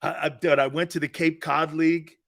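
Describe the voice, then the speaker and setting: A middle-aged man hosting a sports talk show in casual chat, animated and loud at times, rambling and calling out to his crew. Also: fairly high pitch, fairly quick, vocal fry. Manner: animated, loud bursts, calls out to studio crew; rambling, repeats words and restarts.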